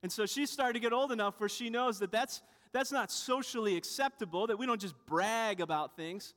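A man's voice: high-pitched, brisk, a bit bright. A young man giving a sermon as pastor, conversational with rhetorical asides. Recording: reverberant hall.

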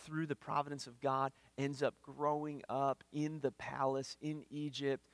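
A man's voice: mid-range voice, flat delivery, a little slow, no echo. Earnest man preaching, dry close sound. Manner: earnest, repeats words when starting phrases. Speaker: pastor. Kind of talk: sermon. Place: church.

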